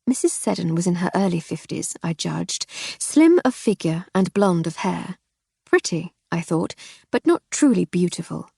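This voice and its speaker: A woman reading a first-person mystery audiobook in a wry, measured way. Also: on the low side, very animated, creaky, darkish tone, breathy edge, no room sound, clean studio sound. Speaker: audiobook narrator.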